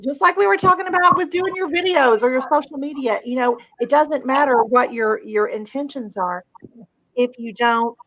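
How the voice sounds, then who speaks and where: A woman's voice: high-pitched, normal speed, a bit bright, low-quality recording. A woman co-hosting a casual chat, speaking in an earnest, encouraging way. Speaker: co-host.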